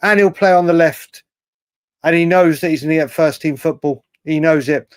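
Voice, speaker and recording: A man's voice: on the high side, moderate pace, smooth, no echo. A man hosting a live fan stream, chatting through viewer comments with a lot of repetition and the odd swear word. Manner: animated, swears, repeats himself often. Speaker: host of a live fan show.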